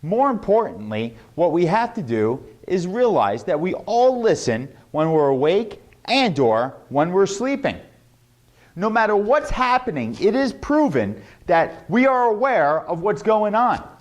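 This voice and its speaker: Animated, high-voiced male sales trainer. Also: measured pace. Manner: animated, demonstrates tones with his voice. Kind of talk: motivational sales lesson.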